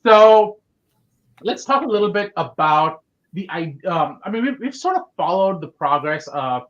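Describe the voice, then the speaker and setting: A man's voice: high-pitched, animated, normal speed, a bit bright, dull audio. A man hosting a casual interview podcast, talking in an upbeat way with many fillers and restarts. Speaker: podcast host.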